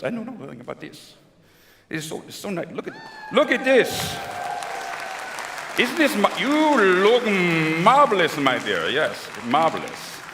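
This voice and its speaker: A man playing a suave aging Latin film star with a put-on Spanish accent, gushing flattery at a convention crowd. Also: high voice. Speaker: convention guest performer. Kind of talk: live comedy impression on stage. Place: large convention hall. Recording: echoey hall with crowd.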